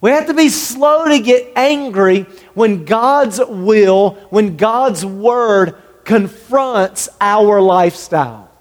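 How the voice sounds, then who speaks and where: A man's voice: high voice, animated, slow pace, few pauses, in a large hall. A man preaching a sermon as a pastor, earnest, acting out the lines of people he describes. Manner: earnest, acts out dialogue in quoted voices.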